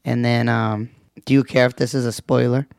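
A man's voice: mid-range voice, little pitch movement, normal speed, gravelly, darkish tone, no echo, studio quality. A man in casual chat, laid-back, swearing and laughing as he acts out quotes.

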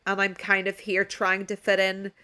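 A woman's voice: medium pitch, monotone, normal speed, bright, forceful tone, clean tone. Frank swearing woman. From Northern Ireland. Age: 30s. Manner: frank, rambling, swears freely. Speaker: podcast co-host. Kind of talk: candid casual chat. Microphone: remote video call.

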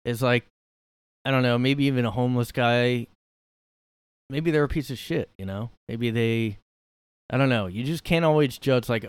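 A man hosts a podcast from his room in a medium-pitched, smooth voice at a moderate pace, pausing often, with no echo. His commentary on a clip wanders casually, mocking and incredulous, stuffed with fillers and asides.

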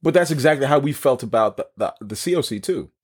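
A man's voice: mid-range voice, animated, fast, husky. A man with a New York accent telling his own story in a casual podcast conversation, acting out the dialogue and repeating words as he goes.

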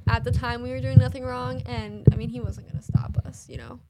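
Woman co-host, slightly high voice, relaxed casual chat full of pauses. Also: heavy background noise. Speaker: podcast co-host.

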